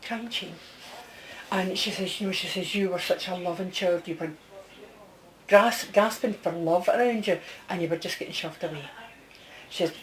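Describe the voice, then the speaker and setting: A woman works as a medium in a close, one-to-one reading. Her voice sits a little low. She talks in a chatty stream, relaying what she hears and constantly asking whether it makes sense. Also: moderate pace, low-quality recording. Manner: chatty, relays messages, keeps checking with the sitter. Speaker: psychic medium.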